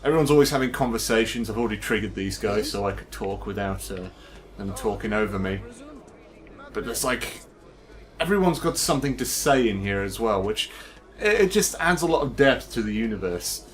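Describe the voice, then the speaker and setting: A man's voice: lowish voice, expressive, brisk. Chatty man doing game commentary. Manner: chatty, enthusiastic, laughs often. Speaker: gameplay commentator. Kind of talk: casual gameplay commentary.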